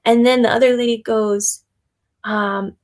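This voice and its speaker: A woman's voice: fairly high pitch, steady tone, a little slow, a little mellow. A woman guest, a psychic and shamanic yoga instructor, talking casually in a chatty storytelling way with frequent laughter and fillers. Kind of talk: casual conversation.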